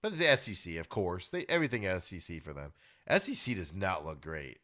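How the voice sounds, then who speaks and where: Animated, opinionated male sports podcaster. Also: a little fast. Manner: animated, opinionated, swings loud and high when worked up. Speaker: podcast host. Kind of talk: casual sports talk monologue.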